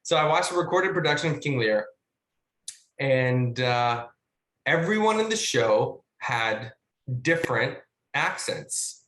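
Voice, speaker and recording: A man in the middle of a relaxed video-call talk, thinking aloud as a guest actor, with plenty of "um"s, "like"s and restarted phrases. His voice sits in an ordinary middle range and rings with a roomy echo. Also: mid-range voice, takes it slowly. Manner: musing, chatty, with many fillers and restarts. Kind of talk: casual webinar discussion.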